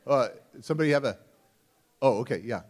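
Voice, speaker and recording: A man speaks as a motivational speaker before a live audience, his voice in a middle range. He talks in a casual, confiding way. He swings from loud, emphatic phrases to soft, near-hushed ones. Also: medium pitch, lively intonation, brisk. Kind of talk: live storytelling talk and audience Q&A.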